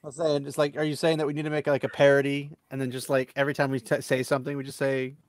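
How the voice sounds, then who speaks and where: A man's voice: mid-range voice, monotone, racing. A man in casual group commentary cracks mocking jokes and asks teasing questions. His voice sounds dry and close, with no room echo. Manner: jokey, mocking, laughs often. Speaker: co-host of a reaction video.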